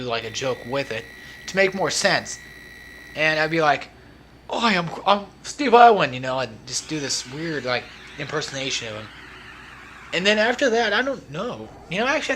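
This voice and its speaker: Chatty, lively young man. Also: on the high side. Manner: rambling, chatty and self-mocking. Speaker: let's play host. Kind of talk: casual gameplay commentary. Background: faint game music.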